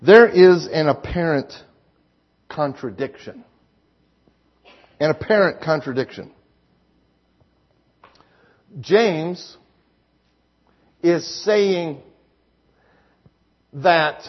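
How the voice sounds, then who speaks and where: Husky folksy preacher man. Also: on the high side, animated, drawn-out words, pauses often. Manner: folksy storytelling preacher, emphatic rises. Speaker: pastor. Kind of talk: sermon with personal stories. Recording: slightly dull lo-fi sound.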